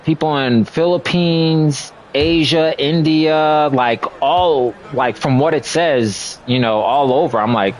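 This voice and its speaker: A man's voice: fairly high pitch, slow, few pauses. A young man chatting casually on a gaming livestream, rambling and filler-heavy, often laughing at himself. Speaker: streamer.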